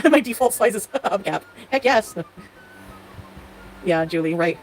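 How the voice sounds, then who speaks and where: A woman's voice: mid-range voice, animated, unhurried, slight background noise, poor audio. A woman hosting a live stream, answering chat commenters by name in a sarcastic, joking way and laughing often. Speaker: livestream host reading chat.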